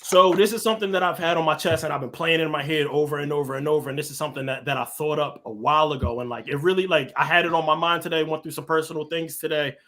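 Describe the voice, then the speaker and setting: A man's voice: on the high side, steady tone, fast talker, few pauses, sharp tone. A man co-hosting a podcast, reciting his own rap verses in a rhythmic spoken delivery. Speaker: podcast co-host.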